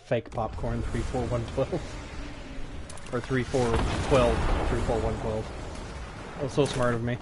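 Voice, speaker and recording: A man's voice: mid-range voice, level tone, a little slow, long pauses, heavy background noise. A man streaming live gameplay, chatting and playfully taunting opponents as he plays. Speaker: game streamer. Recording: game gunfire behind voice. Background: game gunfire and effects.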